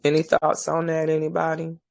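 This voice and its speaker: A woman's voice: deep voice, monotone, brisk, gravelly, a little mellow. A woman host giving blunt, profane commentary, ranting with exasperation to her listeners.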